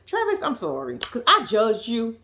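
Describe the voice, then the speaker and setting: A woman's voice: a little high, wildly swooping pitch, normal speed, pushed and bright, slight background noise. A woman recapping a reality show episode for her viewers, blunt and profane, calling out the people on screen. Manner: blunt, profane, sassy, talks straight to viewers. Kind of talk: casual recap commentary.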